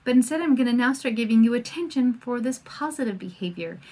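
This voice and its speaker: A middle-aged woman hosting a homeschooling podcast, talking in a chatty, animated way and acting out the voices she quotes. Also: on the high side, fast. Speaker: podcast host and homeschool coach. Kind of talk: casual podcast talk.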